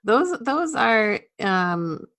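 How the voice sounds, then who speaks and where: A woman co-hosting a podcast, casually telling stories and trivia in a relaxed way. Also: on the high side, very slow, no echo. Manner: relaxed storytelling, sharing facts with soft laughs. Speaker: podcast co-host. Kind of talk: casual chat.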